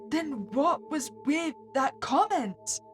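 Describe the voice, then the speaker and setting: A woman's voice: sits high, lively intonation, slow pace, soft background music. A woman playing through a horror visual novel, reading the player's lines aloud and adding wry, sarcastic asides. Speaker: game streamer.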